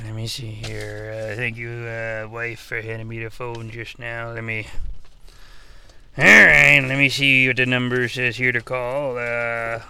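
A man doing a gravelly old wrestling patriarch. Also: medium pitch, sharp tone. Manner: rambling, easily sidetracked, folksy. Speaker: podcast host character. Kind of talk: improvised comedy character monologue.

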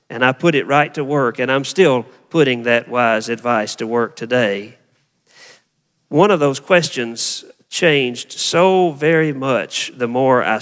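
A man's voice: medium pitch, fairly bright tone, long reverb tail. A man preaching a sermon as a pastor, talking to the congregation in an easy, conversational way and often asking them questions.

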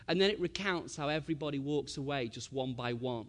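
A man, preaching a sermon and telling a family story, swinging from loud to hushed. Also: medium pitch, brisk, few pauses, in a large hall.

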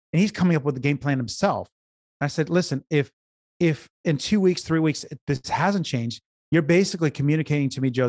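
A man's voice: mid-range voice, darkish tone, dry recording. Earnest man telling stories, dry close sound. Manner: earnest, repeats words and restarts often. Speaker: business consultant and podcast guest. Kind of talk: conversational storytelling interview.

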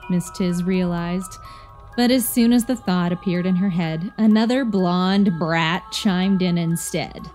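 A woman narrating a rhyming spooky poem in a measured, playful storytelling manner. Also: on the low side, darkish tone, faint music behind. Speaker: poem reader.

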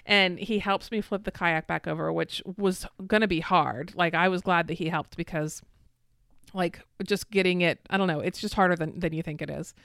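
A woman's voice: normal speed, gravelly, clear, resonant tone, no room sound, clean studio sound. A woman co-hosting a podcast, telling a story casually with laughs and acted-out quotes. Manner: animated, laughing, acts out quotes in a high voice. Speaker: podcast co-host.

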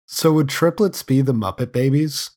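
A man's voice: mid-range voice, normal speed, darkish tone. A man co-hosting a podcast, giving blunt opinions in a casual film chat. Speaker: podcast co-host.

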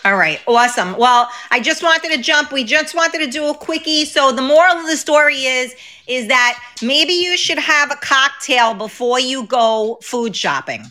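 A woman's voice: sits high, animated, moderate pace, sharp tone. A woman co-hosting a casual chat show, joking and laughing often. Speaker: co-host.

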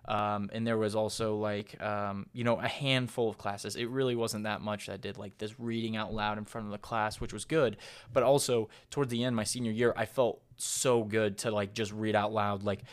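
A man's voice: lowish voice, fairly even intonation, normal speed, smooth. A young man in his twenties hosting his own podcast, talking in a casual, earnest monologue that rambles and restarts. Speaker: podcast host.

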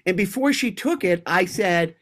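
A man from Boston co-hosting a podcast, telling rambling, animated anecdotes in casual chat. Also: high voice, normal speed. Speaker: podcast co-host.

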